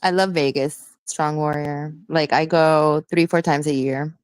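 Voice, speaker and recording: A woman's voice: low-pitched, steady tone, unhurried, clean tone, dry recording. A woman chatting casually on a live online call, rambling with fillers and laughing often. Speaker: guest in a live audio chat. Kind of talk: casual chat.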